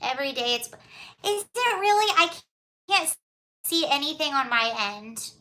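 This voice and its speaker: A woman's voice: high-pitched, lively intonation, unhurried, sharp tone. A woman hosting a casual livestream, chatting, reading viewer comments aloud and answering them with giggles and apologies. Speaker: livestream host.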